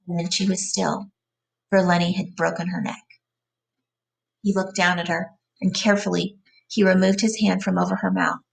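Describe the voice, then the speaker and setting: A woman's voice: lowish voice, vocal fry, recorded from a distance, slight background noise. A woman teacher reading a novel aloud to a class, stopping to explain words in between. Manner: plain reading with side glosses.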